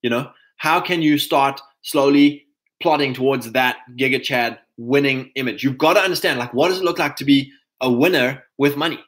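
This man speaks at a medium pitch and normal speed with a fairly bright tone. As a podcast host, he gives other men a casual, rambling motivational talk packed with fillers and restarts, addressing his listeners as chaps.

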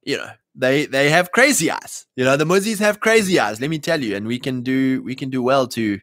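A man's voice: mid-range voice, lively intonation, brisk, a bit bright, no echo, studio quality. A man preaching casually to a live chat, emphatic and slangy, often mimicking imagined voices. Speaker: Christian livestream host.

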